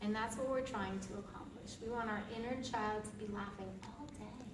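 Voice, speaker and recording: A woman's voice: medium pitch, fairly even intonation, brisk. A woman leading a laughter yoga class, playful, laughing often and chanting gibberish sounds. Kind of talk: live group demonstration. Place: large room with an audience. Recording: echoey room from far off, noisy.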